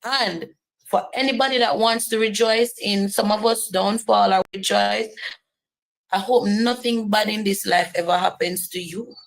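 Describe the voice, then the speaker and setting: A woman's voice: medium pitch, fairly even intonation, moderate pace, vocal fry, low-quality recording. A woman giving earnest personal testimony, driving points home by repeating phrases.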